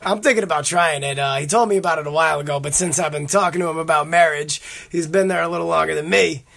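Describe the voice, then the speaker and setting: Gravelly, profane man chatting. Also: a little high, fast, a bit bright. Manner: profane, rambling storyteller. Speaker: podcast host. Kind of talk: casual chat.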